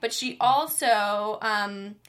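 A woman's voice: medium pitch, takes it slowly, a bit bright. A woman co-hosting a casual studio chat, giggly and rambling. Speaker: co-host.

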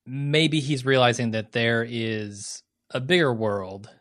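A man co-hosting a casual film chat, measured and thinking aloud with fillers. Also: mid-range voice, a bit bright. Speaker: podcast co-host.

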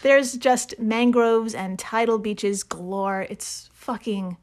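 A woman's voice: on the high side, slow pace. A woman co-hosting a podcast, telling a story in casual chat, laughing often and swearing freely. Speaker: podcast co-host.

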